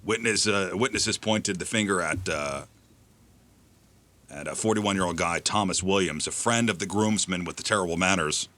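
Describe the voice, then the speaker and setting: A man's voice: low voice, normal speed, pushed and bright. A man hosting a comedy radio show, telling news stories with casual joking banter. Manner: joking, storytelling.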